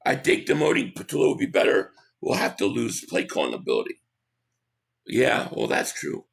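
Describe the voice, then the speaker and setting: A man hosting a casual live stream, hoarse from losing his voice, who reads out viewer comments and gives blunt opinions. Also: lowish voice, wildly swooping pitch. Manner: opinionated, quick agreement with viewers.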